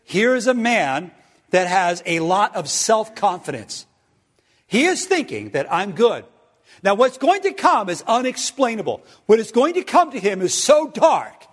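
A man's voice: sits high, very animated, unhurried, in a large hall. A man preaching a sermon, emphatic, spelling out words and checking in with his listeners.

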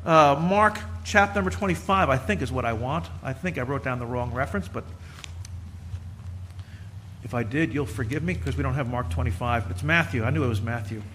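Middle-aged preacher, bright forceful tone, tells folksy stories, preaches with emphasis. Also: male voice, medium pitch, a little fast, slight background noise. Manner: conversational, storytelling, builds to emphatic preaching. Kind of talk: folksy sermon with personal stories.

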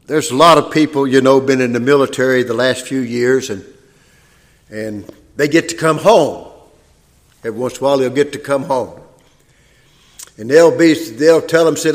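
A man preaching a sermon in a church, folksy and plain-spoken, building into loud, high-pitched preaching. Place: church sanctuary. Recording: long reverb of a church hall.

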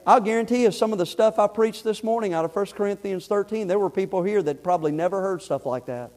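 A pastor preaching a sermon in a church, folksy and emphatic, building up to loud exhortation. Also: male voice, high voice, quick pace. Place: church sanctuary.

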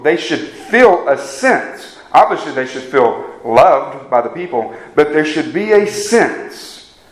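A man preaching a sermon in a conversational way, often turning to his listeners with questions. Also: on the high side. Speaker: pastor. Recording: echoey room.

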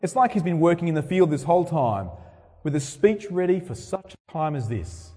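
A man's voice: animated, normal speed, husky. A man preaching a sermon in church, dramatic, acting out quoted speeches with big swings in voice. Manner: dramatic, acts out quoted speeches with sharp swings in pitch and loudness. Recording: long reverb of a large hall.

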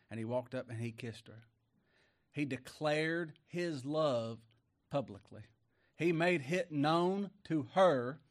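A middle-aged man preaching a folksy sermon, going from loud declaiming to hushed words. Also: medium pitch.

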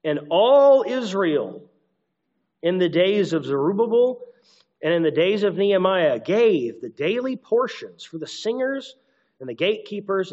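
A man's voice: a little high, a little mellow. Man preaching a conversational sermon, muffled. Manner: conversational, reads scripture aloud with asides. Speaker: pastor. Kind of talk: expository sermon.

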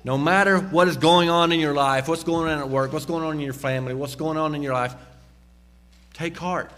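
A man preaching a sermon, slowing down and dropping low on key phrases and rising sharply when he exhorts. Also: steady tone, fairly bright tone. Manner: emphatic, slows and drops low on key phrases; rises sharply in pitch and volume when exhorting. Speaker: pastor.

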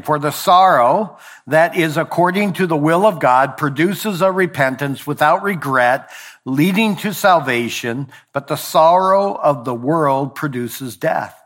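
Male preacher, slightly high-pitched. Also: fairly bright tone. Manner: deliberate preaching, slowing on key phrases, dropping low at line ends; occasional verbal slips and self-corrections. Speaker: pastor. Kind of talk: sermon.

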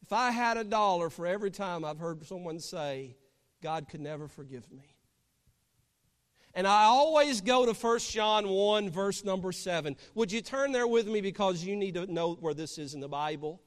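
High-voiced preacher in an echoing hall. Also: male voice, animated, normal speed, few pauses, smooth. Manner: storytelling, building to fervent emphasis. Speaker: pastor. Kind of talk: sermon. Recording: long hall reverb.

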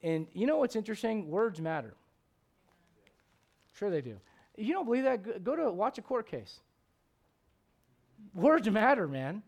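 A man with a high voice preaches from the pulpit. He jumps from loud, pointed questions aimed at the congregation to low, quiet asides, and he hammers his points with repetition. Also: big pitch swings, moderate pace, pauses often. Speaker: pastor. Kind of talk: sermon.

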